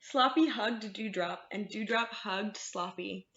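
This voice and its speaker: A woman's voice: medium pitch, takes it slowly. A woman librarian reading picture books aloud to children, talking to them in a sing-song way. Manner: warm, sing-song, talks to kids. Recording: roomy, slightly dull sound.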